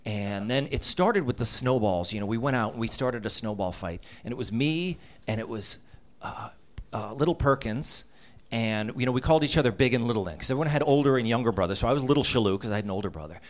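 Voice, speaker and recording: A man in his fifties from Massachusetts tells a funny story from his childhood in a middling-pitched voice. He's an animated, fast talker who laughs through his lines and breaks into little voices and sound effects as the tale builds.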